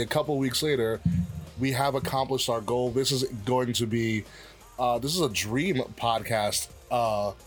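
A man hosting a casual podcast, giving grandiose announcer-style introductions. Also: medium pitch. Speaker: podcast host and general manager.

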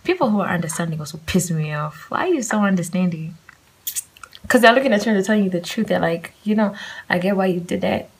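A woman's voice: medium pitch, expressive, fast talker, breathy edge, low-quality recording. A young woman hosting a solo podcast, talking candidly and rambling, swearing casually as she shares her thoughts. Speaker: podcast host.

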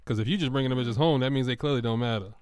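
Smooth-voiced young man asking questions. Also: mid-range voice, very fast, a little mellow, no room sound. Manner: probing, asks questions. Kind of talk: casual group chat.

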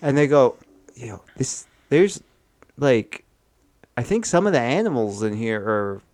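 Deadpan man rambling through a story. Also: mid-range voice, measured pace, no room sound. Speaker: podcast co-host. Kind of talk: improvised comedy storytelling.

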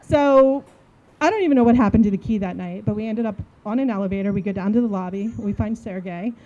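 A woman in her forties from New Jersey, telling a funny story in a casual, animated way and acting out the dialogue. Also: mid-range voice, fast, lo-fi sound. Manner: animated, acts out dialogue, laughs while telling.

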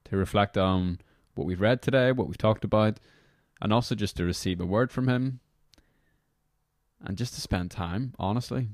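Very deep-voiced podcast host, rambling. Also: male voice, moderate pace, no room sound, clean studio sound. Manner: casual, rambling, apologetic asides. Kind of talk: reflective podcast talk leading guided prayer.

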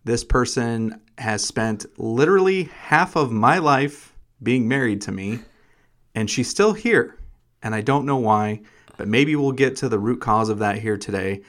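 A male podcast host with a voice of everyday middle pitch. He talks in a casual, playful way and teases with self-deprecating humor. He tells stories with relaxed comic timing. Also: a little slow.

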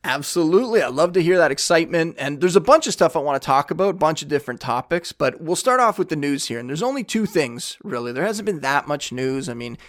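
A man hosting a casual sports podcast talks fast with few pauses, his voice a little high. He chats through the news and puts questions to his guest in a conversational, relaxed style of analysis.

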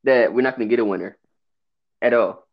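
A man's voice: mid-range voice, a little fast, vocal fry, muffled recording. A young man co-hosting a casual wrestling chat, speaking in a laid-back way with repetitive slang. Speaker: podcast co-host.

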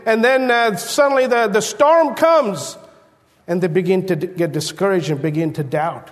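A man delivers a sermon from a church pulpit, earnest and animated as he retells Bible stories. His voice sits high for a man. A long reverb from the sanctuary trails behind every phrase. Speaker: pastor.

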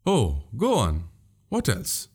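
A man's voice: medium pitch, wildly swooping pitch, takes it slowly, a little mellow, breathy edge, full character voice. A man voicing a crafty older male spy in an audiobook, needling and mocking with pointed questions. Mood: teasing. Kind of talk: audiobook character voice.

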